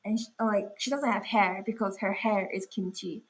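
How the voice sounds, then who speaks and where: A woman's voice: mid-range voice, steady tone, moderate pace, husky, low-quality recording. A young woman chatting as an interview guest, talking casually with lots of fillers. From Australia. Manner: chatty, full of "like" fillers and laughs. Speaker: guest artist.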